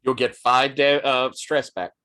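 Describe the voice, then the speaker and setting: A man running a tabletop role-playing game as game master, narrating in an unhurried, descriptive way and laughing now and then. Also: medium pitch, little pitch movement, bright, forceful tone.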